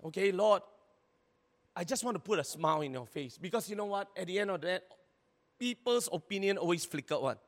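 Man, pastor preaching, lively and exclaiming, high voice, long hall reverb. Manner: animated storytelling with Singlish particles, repeated words, bursts of exclaiming. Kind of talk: sermon.

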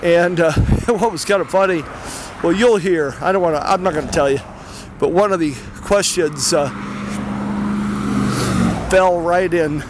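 A man walking fast and a little out of breath, rambling casually with many fillers as he introduces clips. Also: sits high, background noise. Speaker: podcast host. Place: outdoors near traffic.

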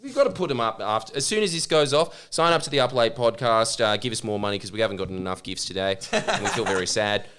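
A man's voice: on the low side, fast talker, hardly any pauses, fairly bright tone, clear, resonant tone. A man co-hosting a podcast, chatting casually with a joking, rambling manner. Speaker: podcast host.

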